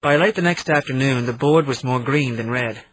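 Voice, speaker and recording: A man narrating an audiobook in the first person, in a steady reading manner. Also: medium pitch, normal speed, slight background noise, rough recording. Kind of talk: scripted narration.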